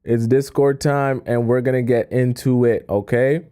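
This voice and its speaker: A man hosts a dating-advice live stream in a mellow, warm voice. He talks in quick, animated bursts, reads viewer questions aloud and answers them with sarcastic asides. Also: medium pitch, clear, resonant tone. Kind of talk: casual live stream chat.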